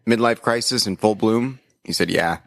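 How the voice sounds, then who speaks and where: A middle-aged man co-hosting a casual podcast over a remote call, rambling and swearing with halting restarts. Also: fairly low pitch, vocal fry, a bit bright, no room sound. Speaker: podcast co-host.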